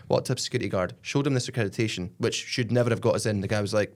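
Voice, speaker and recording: A Scottish man co-hosting a football podcast, telling an excited story in casual chat. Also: fairly low pitch, very fast, hardly any pauses. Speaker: podcast co-host.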